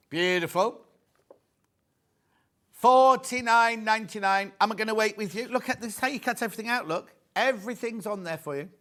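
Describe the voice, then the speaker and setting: With a high voice, this British man hosts a live TV shopping broadcast. He's chatty and eager, says the prices over and over, and banters with studio staff.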